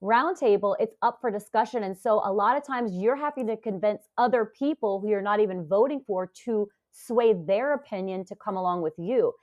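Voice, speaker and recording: A woman in her forties, speaking as a podcast guest. She recounts her experiences with animated energy and slips into quoted voices. Her voice sits at a middle pitch, and the recording sounds a little dull. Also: normal speed, few pauses. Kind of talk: casual interview talk.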